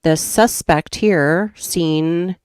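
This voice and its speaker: Brief: Minnesotan woman, true crime streamer, rambling casual chat, low pitch, dry sound. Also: extremely slow, darkish tone, clear, resonant tone, dry recording. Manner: chatty, rambling, laughs often. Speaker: true crime YouTube host.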